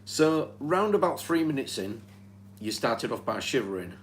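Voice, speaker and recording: A man's voice: medium pitch, very animated, normal speed. British man reading back session notes. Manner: reads out notes, conversational. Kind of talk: casual chat. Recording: faint background noise.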